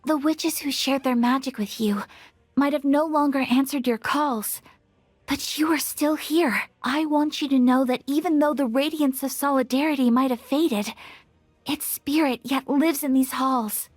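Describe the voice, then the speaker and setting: A woman's voice: high voice, measured pace, no echo. An actress playing an earnest young female cookie guardian in a game, speaking with heartfelt conviction. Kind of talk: game voice acting.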